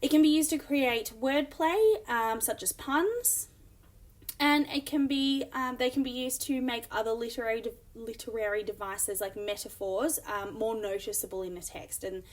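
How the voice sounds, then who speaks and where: A woman's voice: fairly high pitch, normal speed. A woman teacher explaining a lesson and reading examples aloud, with frequent ums. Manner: explanatory, many fillers, reads examples aloud. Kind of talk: recorded classroom lesson.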